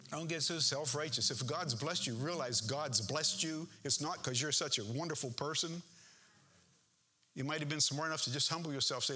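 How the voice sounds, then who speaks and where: A man's voice: on the high side, moderate pace, pushed and bright, breathy edge. A man preaching a sermon as pastor in a church, earnest and impassioned, building to emphatic peaks.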